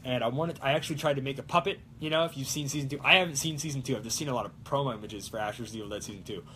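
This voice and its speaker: A man's voice: mid-range voice, rapid-fire, bright, forceful tone, a little hiss or hum. A young man hosting a casual livestream, rambling and breaking off mid-thought. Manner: rambling, self-interrupting. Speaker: cosplayer and livestream host. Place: cold room at home.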